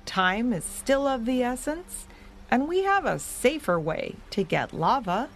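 A woman's voice: on the high side, sing-song, measured pace, slight background noise, pitched above the performer's own voice. A woman voicing a blunt, practical male dog leader in a children's audio story, speaking frankly and scolding a little. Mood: firm.

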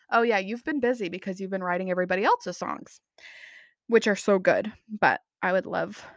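A woman's voice: medium pitch, fairly bright tone, no room sound, studio quality. A young adult woman hosting a casual solo podcast, gushing and bubbly, often laughing at herself. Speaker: podcast host.

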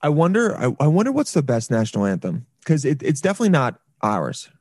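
A man's voice: a little high, huge pitch swings, fast, a little mellow, no echo, clean studio sound. A man hosting a podcast, chatting casually over a video call, joking and trailing off into restarts. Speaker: podcast host. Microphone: headphones on a video call.

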